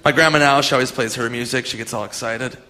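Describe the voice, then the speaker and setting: A man's voice: medium pitch, fairly even intonation, fast, bright, forceful tone. A young man doing a stand-up comedy set, rambling, swearing and laughing at his own jokes, recorded live in a comedy club. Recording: live club with audience noise.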